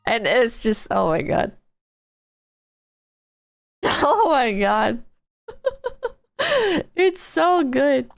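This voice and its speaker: A woman's voice: sits high, very animated, very slow, creaky, long pauses. A woman streamer chatting casually while gaming, telling a rambling story full of "like" and restarts.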